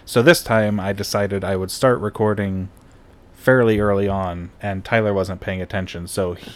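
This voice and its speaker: A young man co-hosting a podcast in casual chat, with a hesitant, dry, deadpan humor. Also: lowish voice, normal speed. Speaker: podcast co-host.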